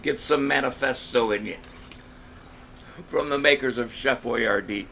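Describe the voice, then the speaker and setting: A man hosting a casual trivia show, cracking corny jokes, rambling between questions and reading each question out slowly. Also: medium pitch, vocal fry, pushed and bright, slight background noise. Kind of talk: casual live-stream quiz hosting.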